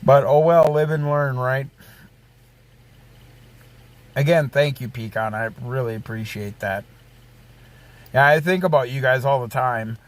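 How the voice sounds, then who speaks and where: A man's voice: mid-range voice, measured pace, long pauses. A man hosting a casual livestream, rambling and swearing freely as he reads and answers chat messages aloud. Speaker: livestream host.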